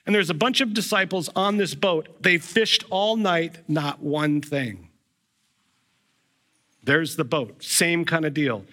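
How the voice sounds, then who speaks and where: A man's voice: on the high side, takes it slowly, pauses often. A man preaching a storytelling sermon, acting out the voices of the people in his stories. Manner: animated, acts out voices in retold scenes. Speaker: pastor.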